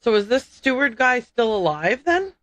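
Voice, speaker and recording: A woman's voice: on the high side, sing-song, moderate pace, fairly bright tone, no echo, poor audio. A woman livestreaming a video game, chatting casually and thinking aloud as she works out the puzzle. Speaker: streamer playing a video game.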